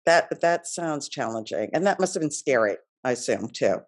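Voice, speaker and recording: A woman interviewing a patient, asking questions in a sympathetic, somewhat halting way. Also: extremely low pitch, lively intonation.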